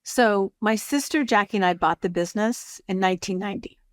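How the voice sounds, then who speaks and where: A woman in her sixties, a produce company executive, talking through her career in an unhurried, storytelling way as an interview guest. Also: medium pitch, no room sound, clean studio sound. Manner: measured, storytelling. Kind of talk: casual interview conversation.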